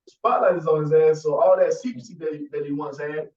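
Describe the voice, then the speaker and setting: A man preaching hard, pressing each point and driving it home, his voice set a little high. He sounds far from the mic in an echoing room, and the recording is dull. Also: fairly even intonation, quick pace. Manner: forceful, repeats "man" and "you see". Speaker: teacher. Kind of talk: emphatic preaching commentary. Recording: echoey, distant, dull sound.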